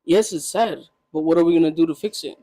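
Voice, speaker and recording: A man's voice: on the high side, fast, dark tone, no echo. A man as a podcast guest, talking bluntly in casual chat and pushing back with questions.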